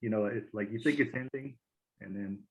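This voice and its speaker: A man's voice: on the low side, fairly quick, slightly rough. A man hosting a casual interview, asking questions hesitantly with many fillers. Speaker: interview host. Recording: tinny phone-like line.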